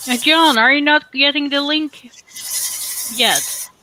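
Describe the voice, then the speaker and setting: Bright, chatty woman co-hosting a livestream. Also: high-pitched, takes it slowly, a little hiss or hum, poor audio. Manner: chatty and teasing. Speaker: co-host of a woodworking livestream. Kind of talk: casual live chat.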